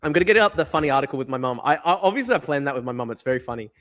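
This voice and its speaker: A man's voice: medium pitch, expressive, rapid-fire, fairly bright tone. A young man hosting a livestream, brash and laughing as he reads comments. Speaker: host. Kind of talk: livestream chat.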